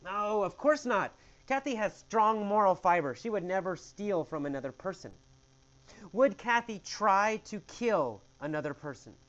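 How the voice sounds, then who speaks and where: A man's voice: high-pitched, lively intonation, a little slow, a bit bright, muffled recording. A man teaching English with a question-and-answer story, speaking in an emphatic, exaggerated way.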